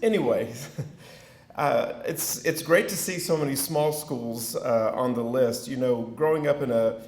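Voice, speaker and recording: A middle-aged man with a country Texas accent gives a keynote, joking at his own expense and stumbling through fillers. His voice is gravelly and his pace is slow. He is heard through an echoey hall with faint noise underneath. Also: medium pitch, a little mellow. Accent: rural Texas. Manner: folksy and self-deprecating, with many fillers. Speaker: keynote speaker. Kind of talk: keynote speech with audience banter.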